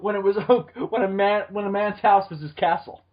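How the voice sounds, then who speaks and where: Guy cohosting a podcast, kinda high husky voice, jokey and sweary, lo-fi sound. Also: steady tone, fairly quick. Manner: joking, laughs often, swears. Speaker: podcast co-host. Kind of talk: casual comedic chat. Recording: dull lo-fi sound.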